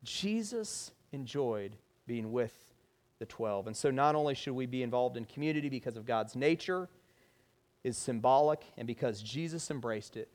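A man's voice: medium pitch, animated, normal speed, darkish tone. A male pastor delivering a conversational sermon, often asking the congregation rhetorical questions.

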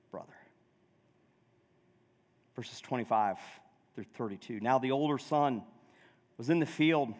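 A male pastor preaching a sermon in a conversational way, asking the congregation questions. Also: medium pitch. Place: church sanctuary. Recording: long reverb of a church hall.

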